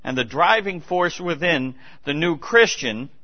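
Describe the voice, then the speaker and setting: A man's voice: fairly high pitch, lively intonation, measured pace. A man preaching a sermon in a church, earnest and emphatic, repeating his key points and restarting phrases as he goes. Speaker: pastor. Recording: dull lo-fi recording.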